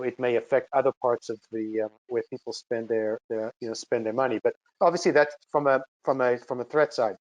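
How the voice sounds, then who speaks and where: Casting: male executive on a webinar panel, mid-pitched, hesitant, leans on fillers, video call audio. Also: a little mellow, highs cut off. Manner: halting, heavy on fillers like "you know".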